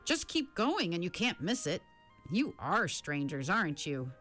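A woman's voice: lowish voice, very animated, unhurried, fairly bright tone, soft background music, heavily acted. A woman reading the part of an anxious boy newspaper carrier who recites his words stiffly, as if from a manual. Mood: stiff, recited.

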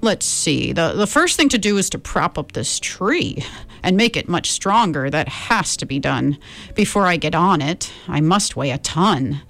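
A woman voicing a huge, gentle, faithful male elephant in a read-aloud picture book, earnest and steady. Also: fairly low pitch, measured pace, gravelly, full character voice.

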